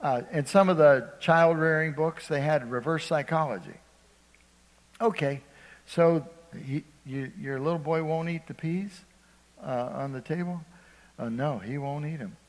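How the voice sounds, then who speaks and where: A man's voice: on the high side, measured pace. A man preaching a sermon to a congregation, emphatic and calling out for "Amen" as he goes. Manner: emphatic, asks the congregation "Amen?" often, acts out quoted speakers. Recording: long reverb of a large hall.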